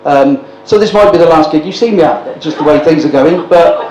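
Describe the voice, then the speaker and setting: A man's voice: a little high, brisk, muffled recording. A man in his sixties hosting a live stand-up comedy night, bantering with the audience in a cheeky, sweary way. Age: 60s. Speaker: stand-up compere. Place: indoor live comedy gig at a brewery. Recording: echoey room with loud background noise.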